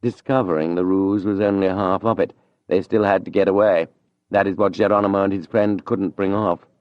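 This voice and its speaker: A man narrates an audiobook in a measured, even way, with a somewhat low voice. The sound is dry and dull, as on a lo-fi recording. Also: no echo.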